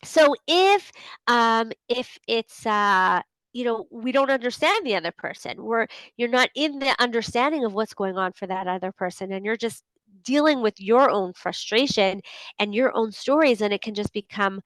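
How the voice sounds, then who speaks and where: A woman's voice: fairly high pitch, animated, moderate pace, fairly bright tone, no room sound, rough recording. A woman hosting a casual group video call, chatty and full of fillers, who often acts out inner voices. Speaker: host of a group coaching call. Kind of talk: casual talk to an online group.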